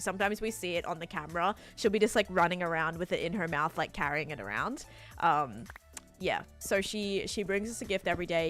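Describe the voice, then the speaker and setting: A young woman with a fairly low voice that swings up and down a lot as she rambles through casual stream chat. She answers viewers as they come in, full of fillers and asides. Soft music plays faintly underneath her desk mic. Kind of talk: casual live-stream chat, reading chat aloud.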